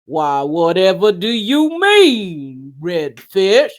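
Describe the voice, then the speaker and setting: A woman voicing Bluefish, a calm and gallant puppet fish in a tabletop game, who speaks in a slow, stately way. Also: on the low side, exaggerated voice. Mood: reassuring.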